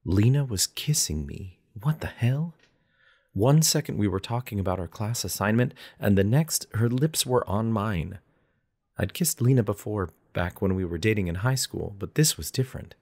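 A man's voice: deep voice, a little mellow, slightly rough. A man narrating a romance audiobook in first person with an intense, dramatic delivery.

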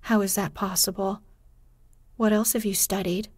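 A woman's voice: medium pitch, fairly even intonation, normal speed, darkish tone, breathy edge, no echo, close to an everyday voice. Stern indignant housekeeper, as a woman reads her. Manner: severe, questioning.

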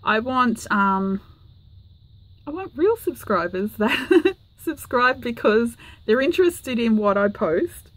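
A woman's voice: fairly high pitch, big pitch swings, slow pace, fairly bright tone, no echo. An Australian woman hosting her craft channel, chatting casually to camera with lots of ums and little apologies. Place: home craft room.

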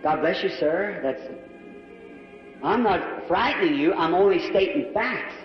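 A man preaches an altar call in a large church, his voice riding high. He pleads fervently, repeating his appeals again and again. The old, dull recording catches him from far off in a long, ringing hall. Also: lively intonation, a little slow, soft background music. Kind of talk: sermon altar call and prayer. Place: large church with balcony and box seats.

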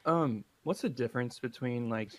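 A man's voice: medium pitch, moderate pace, no room sound. A man who is a guest on a gaming video, chatting casually in a laid-back, teasing way. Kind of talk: casual chat.

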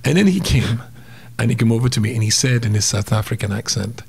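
A man's voice: medium pitch, lively intonation, fast talker, gravelly, darkish tone, husky. A man telling a story as a guest on a casual interview podcast, acting out sounds and voices as he goes.

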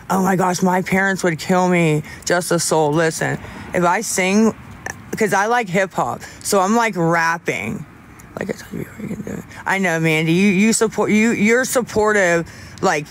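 Rambling young man, a bit high-voiced. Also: slight background noise. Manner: rambling, halting, frequent restarts and fillers; candid, talks openly about staying sober. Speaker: livestreamer answering chat. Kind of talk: casual livestream chat.

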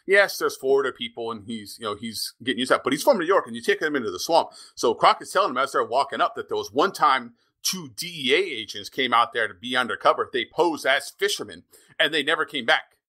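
A man talks through a TV episode on a podcast with a lively, swooping delivery. His voice is bright and forward, and he rambles from aside to aside, restarting his sentences as he goes. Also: mid-range voice, fast. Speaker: podcast co-host. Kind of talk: casual chat recapping a TV episode.

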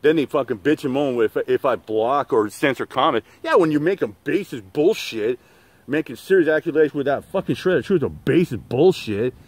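A man's voice: mid-range voice, no room sound. A middle-aged man hosting his own channel, ranting in a profane, rambling way with many fillers and restarts. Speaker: channel host. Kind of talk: rambling livestream rant.

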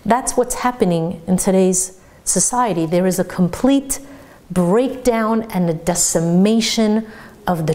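A woman teacher giving a sermon-style Torah lesson, telling stories lively and laughing along the way. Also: on the low side.

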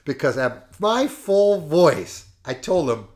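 A man hosting a podcast, telling a coaching story in a lively, emphatic way and laughing often. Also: a little high, normal speed. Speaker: podcast host and fitness coach. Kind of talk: casual storytelling.

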